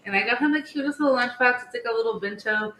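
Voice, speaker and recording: A woman in her thirties, co-hosting a podcast in casual chat, telling stories in a chatty, animated way with many "like"s. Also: fairly high pitch, fast talker. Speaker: podcast co-host. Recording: echoey room with faint background hiss.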